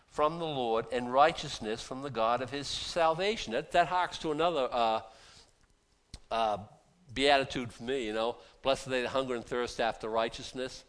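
A middle-aged man gives a casual, folksy sermon to a small group. He talks conversationally, slipping into quiet asides before building to loud, emphatic bursts. He often repeats words and restarts his sentences. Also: medium pitch. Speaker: preacher.

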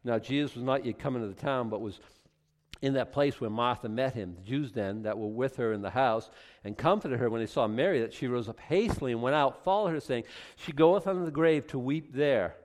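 A man preaching a sermon, reading scripture aloud and commenting on it, at times building to loud, emphatic passages. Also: medium pitch, big-room sound.

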